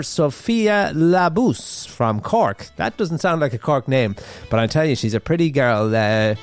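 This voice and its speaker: A man hosting a radio show, chatting casually through the news with a rambling manner and lots of fillers and restarts. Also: medium pitch. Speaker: radio host. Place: radio studio.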